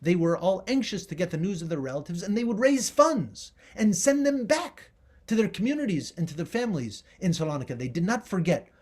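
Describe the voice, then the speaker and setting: A man's voice: sits high, very animated, fairly quick, a little mellow, slightly rough. A middle-aged man giving a public history lecture with slides, emphatic and rising on key words.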